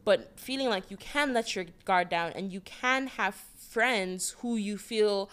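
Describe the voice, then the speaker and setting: A woman's voice: medium pitch, a little slow, a bit bright, smooth. A woman co-hosting a podcast, giving playful, slangy advice in casual chat. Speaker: podcast co-host.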